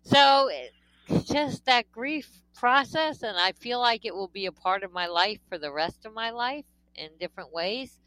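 This is an older woman telling her own faith story on a talk show. Her voice is bright, smooth and a little low. She speaks earnestly, pausing now and then with fillers, and the recording is dry and close. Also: animated, no room sound, rough recording. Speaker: guest sharing her testimony.

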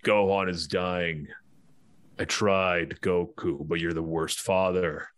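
A man voicing a stern, gruff male alien warrior from a cartoon, speaking with exasperated deadpan. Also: low-pitched, takes it slowly, no room sound, clean studio sound.

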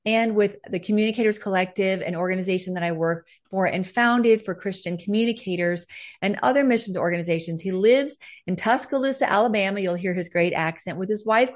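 A woman hosting a faith podcast, introducing a guest in an enthusiastic, effusive way. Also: mid-range voice. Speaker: podcast host.

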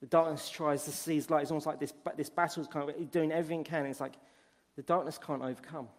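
A man's voice: fairly high pitch, fairly even intonation, fast talker, in a large hall. A man preaching a sermon, earnest and storytelling, often restarting his phrases. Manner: earnest, restarts phrases while retelling stories.

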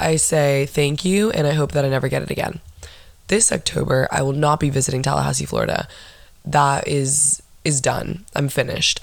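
A woman in her twenties hosts her own podcast, telling stories bluntly and with lots of swearing. Her voice has a gravelly, creaky edge. The sound is close and dry. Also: deep voice, no room sound. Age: 20s. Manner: blunt, profane, animated storytelling. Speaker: podcast host. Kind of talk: casual solo chat.

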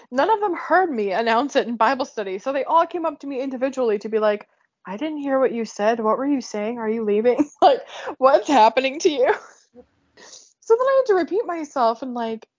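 A woman's voice: sits high, dry recording. Young woman, casual podcast chat, laughs a lot, emotional, muffled lo-fi audio. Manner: chatty, laughs often, emotional. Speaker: podcast host. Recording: dull lo-fi sound.

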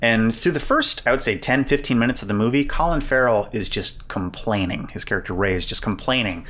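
A man co-hosting a podcast, chatting casually about a movie and getting animated when retelling scenes. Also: mid-range voice, a little fast. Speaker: podcast co-host. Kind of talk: casual film discussion.

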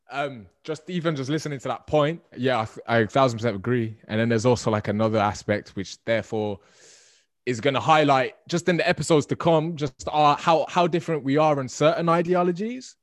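A man's voice: mid-range voice, fairly quick, no echo, studio quality. A man co-hosting a casual podcast, with a laid-back, slangy and chatty way of talking. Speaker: podcast co-host.

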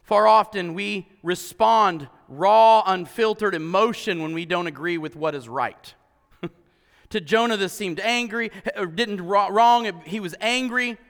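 Animated high-voiced male pastor. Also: unhurried, in a large hall. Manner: animated, rhetorical questions to the congregation. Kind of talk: sermon.

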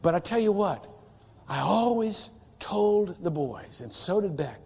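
A man's voice: sits high, very animated, a little slow, a little mellow, husky. A man preaching a sermon as pastor, earnest and emphatic, with repeated phrases and restarts. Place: church sanctuary. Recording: church hall reverb.

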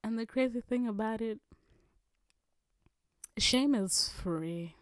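A young woman vlogger from Kenya telling a story in a casual, animated way, often dropping into breathy whispers. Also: a little high, normal speed, dry recording, studio quality.

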